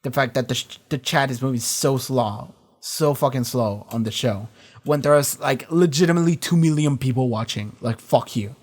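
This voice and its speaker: A host talking casually through a TV episode reaction, rambling and animated, swearing freely and circling back to repeat points. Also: mid-range voice, moderate pace.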